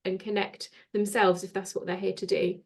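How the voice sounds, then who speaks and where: A woman's voice: mid-range voice, little pitch movement, normal speed. A woman guest on a podcast talking reflectively about respect and letting people go, sometimes losing her thread. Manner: reflective, loses her thread, soft-spoken. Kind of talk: casual spiritual chat.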